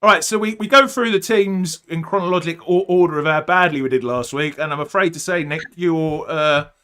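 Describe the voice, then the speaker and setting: Man, podcast host, casual rambling chat, bright tone, slightly high voice. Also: fairly quick, clean tone. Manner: chatty, joking, lots of ums and uhs.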